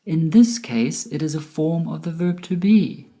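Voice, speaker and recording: A woman with a low, mellow voice teaches a scripted grammar lesson. She speaks slowly and deliberately, and she stretches the rise and fall of her example sentences to show the intonation. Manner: slow, deliberate, with exaggerated rising and falling example intonation. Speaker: English teacher.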